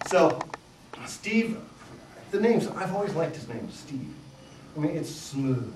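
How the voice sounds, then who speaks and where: A middle-aged man giving a humorous talk before an audience, spinning animated, self-mocking stories. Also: on the high side, takes it slowly, long pauses, roomy sound, recorded from a distance, a crowd in the background, low-quality recording. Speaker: speaker. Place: live event room with audience.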